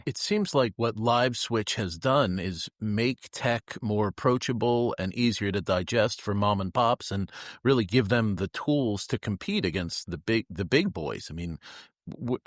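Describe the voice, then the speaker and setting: Low-voiced man hosting a podcast. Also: unhurried, no room sound, studio quality. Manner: relaxed and joking, asks long questions. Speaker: podcast host. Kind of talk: casual podcast interview.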